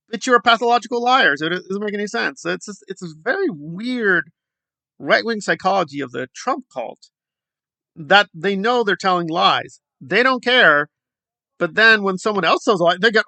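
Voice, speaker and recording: A man's voice: sits high, expressive, normal speed, vocal fry, bright, forceful tone, no room sound. A man hosting a commentary video, ranting in a sarcastic, exasperated way. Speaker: commentary channel host.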